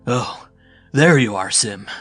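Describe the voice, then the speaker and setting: Male narrator as a brash young warrior; sharp, pushy, a touch raised. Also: mid-range voice, lively intonation, slow pace, breathy edge, soft background music, full character voice. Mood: insistent. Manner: sharp, insistent.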